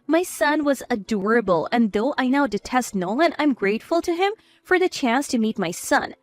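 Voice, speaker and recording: A woman's voice: fairly high pitch, expressive, moderate pace. A woman narrating a first-person story in a cool, firm manner.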